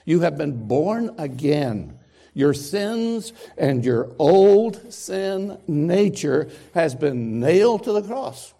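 A man preaching a sermon to a congregation, emphatic and deliberate with dramatic pauses. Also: a little high, very animated, warm tone. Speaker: pastor. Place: church sanctuary with congregation.

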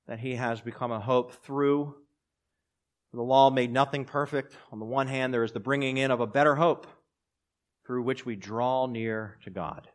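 A man preaching a sermon, swinging between loud, raised passages and quiet, low asides. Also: steady tone, normal speed. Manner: preaching with strong rises and drops in pitch and loudness. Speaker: pastor.

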